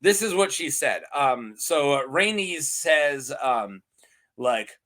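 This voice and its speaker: Bright-voiced man rambling through lore. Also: on the high side, slow pace. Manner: animated, rambling, laughs often. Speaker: lore channel host. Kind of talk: casual lore chat.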